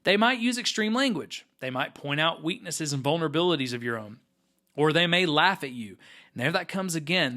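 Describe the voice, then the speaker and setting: Male host, bright, slightly high voice, earnest teaching tone, lots of fillers. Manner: earnest, explanatory, with frequent fillers. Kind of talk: teaching talk to camera.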